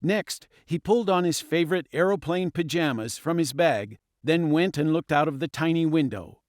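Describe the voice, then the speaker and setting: A man's voice: fairly high pitch, moderate pace, no room sound, studio quality. A man narrating a children's audiobook expressively and dramatically. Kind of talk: scripted storybook narration.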